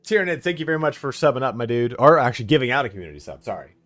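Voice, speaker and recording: A man's voice: mid-range voice, sing-song, racing, a bit bright, no room sound. A man streaming a game live, chatting casually with viewers and laughing often.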